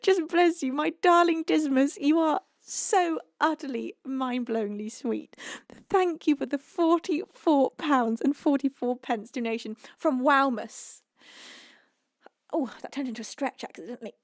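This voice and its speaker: A young woman, a singer-songwriter streaming live, gushing through thank-yous to her chat with frequent laughs and soft whispered asides. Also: high voice, measured pace, no echo, clean studio sound. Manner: gushing, emotional, laughs often, drops to a whisper. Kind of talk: chatty livestream thank-yous.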